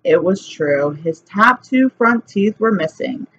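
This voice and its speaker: A woman reading a children's chapter book aloud in a lively, plain storytelling way. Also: mid-range voice, takes it slowly. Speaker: reader. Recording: slightly dull recording, faint hiss.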